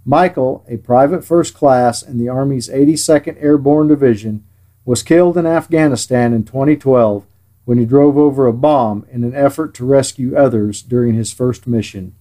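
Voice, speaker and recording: A man preaching a scripted sermon in a measured, earnest way, with dry sarcasm at times. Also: medium pitch, mellow.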